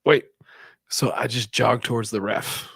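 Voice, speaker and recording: Crude, animated man telling a story. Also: lowish voice, moderate pace, dry recording. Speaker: podcast co-host. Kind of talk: casual storytelling chat.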